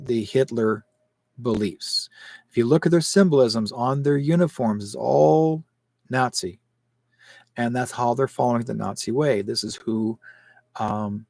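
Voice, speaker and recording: A Canadian man hosting a live call-in psychic show, talking in an emphatic, rambling way with sudden rises in pitch. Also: vocal fry, a little mellow, no room sound. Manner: emphatic, rambling, rising sharply on points.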